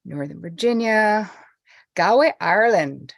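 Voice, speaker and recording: A woman's voice: mid-range voice, expressive, unhurried, gravelly, no echo, studio quality. A middle-aged woman hosting a live stream, chatty and bubbly as she greets viewers by name before a meditation. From United States. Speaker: host and therapist. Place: indoors at home.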